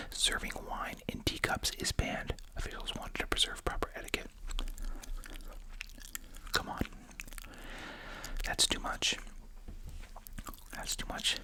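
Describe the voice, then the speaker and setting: An ASMR host chews gum and whispers a wry, conversational running commentary, full of asides and rhetorical questions.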